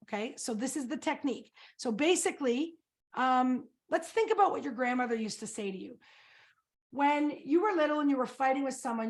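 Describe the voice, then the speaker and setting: High-voiced energetic woman coach teaching. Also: a little fast. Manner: energetic, quizzes the audience with questions. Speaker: coach and presenter. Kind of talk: webinar presentation.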